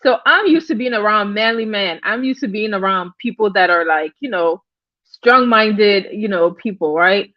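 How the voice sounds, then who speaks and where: A woman's voice: medium pitch, animated, normal speed, no room sound, muffled recording. A woman hosting a casual livestream, chatting with viewers, greeting them by name and often repeating her phrases. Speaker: livestream host.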